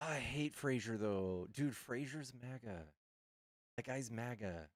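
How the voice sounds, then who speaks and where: A man's voice: medium pitch, animated, slow, dry recording. Casual male streamer, crude banter, dry studio sound. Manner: crude, joking, addresses chat. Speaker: streamer host. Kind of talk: live-stream chat.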